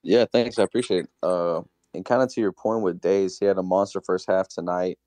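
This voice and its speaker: A man calling into a basketball chat, offering measured thoughts. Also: sits low, fairly even intonation, a little mellow, no echo. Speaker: caller. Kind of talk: casual chat.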